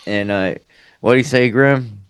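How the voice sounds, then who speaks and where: A man's voice: mid-range voice, a little slow, smooth, no echo, studio quality. A podcast co-host telling a story in a loose, enthusiastic way, full of "uh" and "man". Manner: enthusiastic, filler-heavy. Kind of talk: casual chat.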